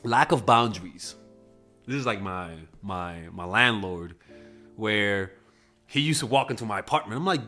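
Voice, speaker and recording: A man's voice: medium pitch, animated, normal speed, fairly bright tone, faint music behind. A man giving blunt, casual dating advice in a monologue, swearing freely and acting out quoted exchanges in a raised voice. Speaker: dating coach.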